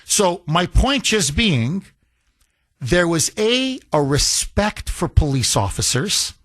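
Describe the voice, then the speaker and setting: A man hosting talk radio, telling a story in an animated way into a studio microphone. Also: sits high, takes it slowly, dry recording.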